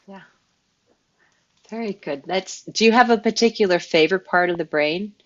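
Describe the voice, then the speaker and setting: A woman's voice: medium pitch, normal speed. A woman hosting an interview podcast, friendly, with short affirmations and questions. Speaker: podcast host. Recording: dull lo-fi audio.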